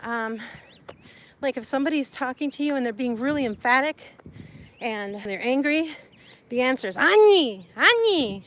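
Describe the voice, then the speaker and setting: A woman's voice: high-pitched, normal speed, pauses often, fairly bright tone. A woman from Sonora, Mexico, chatting casually with viewers on a livestream, laughing often and mixing Spanish words into her talk. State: sweaty and hot. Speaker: livestream vlogger.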